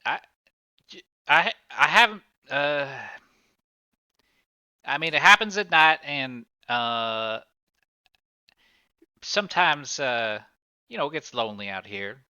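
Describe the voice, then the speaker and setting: A man's voice: on the high side, animated, slow, pauses often, bright, forceful tone, clean tone, dry recording, voice pushed up, heavily acted. Man doing a shifty, stammering rail hand. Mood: evasive. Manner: nervous, stammering and dodging questions. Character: shifty, evasive male railroad hand. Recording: slightly muffled, dry recording.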